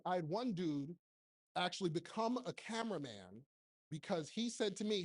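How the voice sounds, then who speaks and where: Speaking at a moderate pace, this high-voiced man swings his pitch widely. He's a keynote speaker and TV producer in his forties, delivering a blunt, humorous motivational talk to a live crowd, handheld microphone in hand, peppering them with rhetorical questions.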